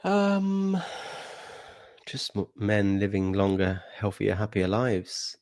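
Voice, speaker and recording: A young man speaking as a podcast guest, reflective and measured, hedging his points in casual conversation. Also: lowish voice, darkish tone, dry recording. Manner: reflective, measured, with many hedges.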